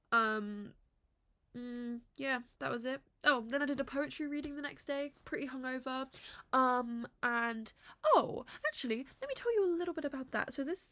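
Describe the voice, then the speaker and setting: A woman's voice: high voice, normal speed, gravelly, fairly bright tone. A young woman from England vlogging in casual chat at home, rambling and self-deprecating with many fillers. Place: home room.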